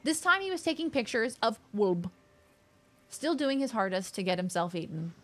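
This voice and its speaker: A young woman streaming a game, chatting casually and gushing excitedly with her viewers. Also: fairly high pitch, moderate pace, slight background noise. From Australia. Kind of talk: casual live-stream chat.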